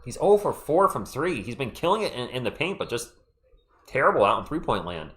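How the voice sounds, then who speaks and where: A man calling a game live on his stream, bouncing between quick play calls and friendly shout-outs to the chat. His pitch rises and falls all the time, climbing sharply on big plays. His voice is getting worn and thin from talking. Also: big pitch swings. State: losing his voice. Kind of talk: casual live play-by-play commentary.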